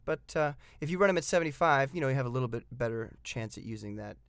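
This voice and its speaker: A man's voice: mid-range voice, lively intonation, fast talker, a bit bright, smooth, no room sound. Chatty man reviewing game pieces, dry sound. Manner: chatty and enthusiastic, with frequent fillers; reads game rules aloud, then comments on them. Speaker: tabletop miniatures game reviewer. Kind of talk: casual hobby review.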